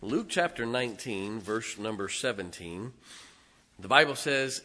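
A middle-aged man preaching a sermon as pastor, telling humorous personal stories in a folksy way and swinging between quiet asides and loud emphatic lines. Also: on the low side, lively intonation, a little slow.

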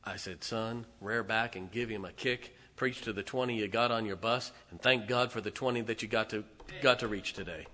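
Bright-voiced fiery preaching man. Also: normal speed. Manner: swings between booming declarations and hushed, intimate asides; impassioned, emphatic preaching with repeated phrases. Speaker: pastor. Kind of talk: fervent sermon.

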